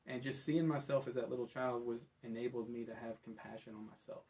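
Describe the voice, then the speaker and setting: A man's voice: medium pitch, fairly even intonation, a little fast, a little mellow, rough recording. A man in recovery talking earnestly and confessionally as a podcast guest. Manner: earnest, confessional, many fillers. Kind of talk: personal testimony in casual talk.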